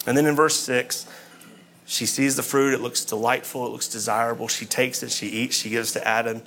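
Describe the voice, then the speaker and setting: A man's voice: medium pitch, fairly even intonation, moderate pace, a bit bright, a little hiss or hum. Man preaching a conversational sermon. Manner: conversational, asks the listeners rhetorical questions.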